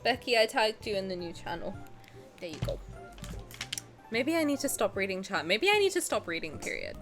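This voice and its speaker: A woman's voice: mid-range voice, sing-song, normal speed, long pauses, fairly bright tone, faint music behind. A young woman streamer chatting casually with her viewers as she reacts, gushing and often breaking into laughter.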